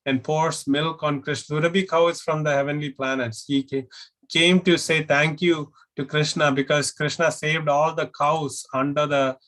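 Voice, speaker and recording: A man teaching children over a video call, telling a story gently with many pauses and fillers. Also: a little high, flat delivery. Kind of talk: online class storytelling.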